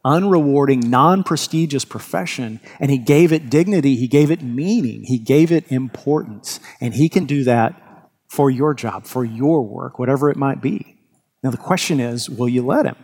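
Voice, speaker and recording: A man's voice: mid-range voice, moderate pace, darkish tone. A man preaching a sermon as pastor, earnest and emphatic, often restarting his words.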